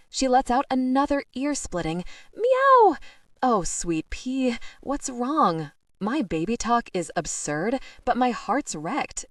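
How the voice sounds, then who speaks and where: A woman reading a first-person audiobook with expressive, lively narration. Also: mid-range voice, no echo, clean studio sound.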